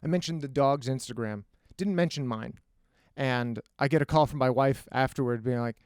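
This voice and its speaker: A male comedian chatting as a podcast guest, telling animated stories and slipping into acted voices. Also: mid-range voice, moderate pace, clear, resonant tone, dry recording, clean studio sound. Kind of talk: casual podcast conversation.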